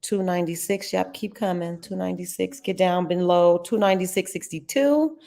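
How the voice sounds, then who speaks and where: A woman's voice: lowish voice, moderate pace, gravelly. A middle-aged woman hosting a live trading stream, chatting casually and expressively with her viewers. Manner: chatty and expressive, talks to chat as y'all.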